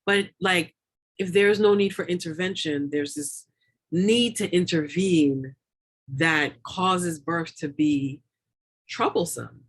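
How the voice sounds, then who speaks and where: A woman's voice: on the low side, slow pace, husky. Chatty woman guest, rambling with fillers. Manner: rambling, frequent fillers and repeated words, laughs often. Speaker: doula and lactation consultant, guest. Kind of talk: casual interview talk.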